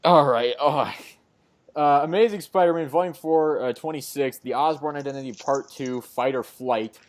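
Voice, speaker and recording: A man's voice: fairly high pitch, moderate pace. A man hosting a casual comic book podcast, recapping an issue with many fillers and acted-out quotes. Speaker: podcast host.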